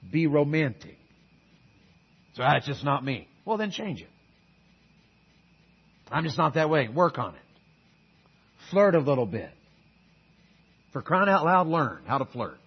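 A middle-aged man delivers a sermon in a high-pitched, slightly husky voice. He calls out to the congregation for amens and moves between loud urging and soft, earnest asides. The recording sounds muffled and lo-fi. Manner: call-and-response preaching, shifting between loud exhortation and quiet earnest asides. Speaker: guest preacher.

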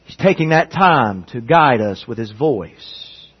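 Husky-voiced preacher delivering an earnest sermon. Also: male voice, medium pitch, animated, takes it slowly, dull audio. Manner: earnest preaching, building to emphatic peaks. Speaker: pastor.

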